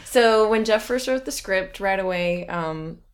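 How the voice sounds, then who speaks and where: A woman talks casually in an interview, warm with laughter. She is chatty and quick to giggle. She sounds easygoing and unrehearsed. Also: medium pitch. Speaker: filmmaker interviewee.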